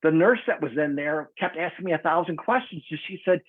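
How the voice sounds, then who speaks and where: A man's voice: fairly high pitch, a little fast, husky, no room sound. A man in his sixties chatting enthusiastically on a video call and telling stories in a casual way. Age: 60s. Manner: enthusiastic storytelling. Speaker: community member. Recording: tinny phone-like audio.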